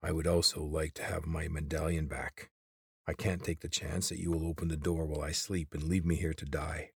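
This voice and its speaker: A man voicing a wary, weary grown male traveler in a storybook reading, talking low and guarded. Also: level tone, a little fast, gravelly, darkish tone, slightly rough, dry recording, studio quality, exaggerated voice.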